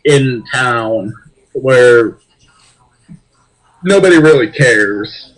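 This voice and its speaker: A man's voice: medium pitch, animated, extremely slow, a bit bright, poor audio. A young man co-hosting a casual podcast, blunt and profane, reacting to the news with disbelief. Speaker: podcast co-host. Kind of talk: casual chat.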